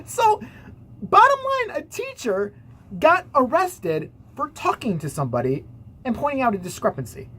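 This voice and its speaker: A woman's voice: high-pitched, huge pitch swings, a little slow, a bit bright, husky. A woman vlogger giving casual, sarcastic commentary, swearing freely.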